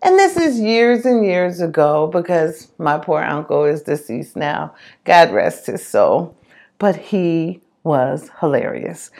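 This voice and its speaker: A woman's voice: low-pitched, expressive, slow, vocal fry, a little mellow. A woman giving an earnest, encouraging motivational monologue and repeating phrases for emphasis.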